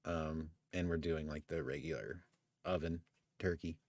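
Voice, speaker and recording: A man's voice: extremely low pitch, fairly even intonation, measured pace, a little mellow, dry recording. A man co-hosting a live stream, chatting easily and laughing often as he rambles. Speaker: podcast co-host. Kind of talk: casual chat on a live stream.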